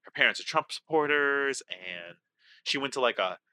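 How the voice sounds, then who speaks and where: A young man co-hosting a casual comedy podcast, rambling and self-deprecating, with a lively, joking delivery. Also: mid-range voice, moderate pace, smooth, no echo. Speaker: podcast co-host.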